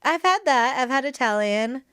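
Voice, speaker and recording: A woman in her thirties chatting as a guest in an interview, animated and quick to laugh, acting out what other people say. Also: sits high, smooth. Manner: animated, giggly, mimics others in quotes. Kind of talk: casual interview chat.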